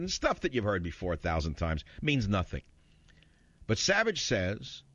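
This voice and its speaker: A man's voice: lowish voice, huge pitch swings, normal speed, a bit bright, no room sound, dull audio. A man hosting a talk radio show, combative and mocking as he rants about the news.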